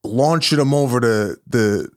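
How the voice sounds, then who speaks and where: A man, a comedian guest on a podcast, chatting casually in a halting, easygoing way with many fillers. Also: medium pitch, no room sound, studio quality. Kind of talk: casual chat.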